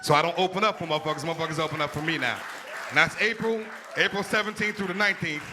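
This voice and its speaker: A stand-up comic from Pittsburgh riffs loosely and profanely, talking straight to the crowd in a slightly raised voice. The sound is roomy and echoey, with a small club audience clearly heard around him. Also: male voice, fairly high pitch, very fast. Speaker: stand-up comedian. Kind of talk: stand-up comedy set. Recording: echoey room with crowd noise.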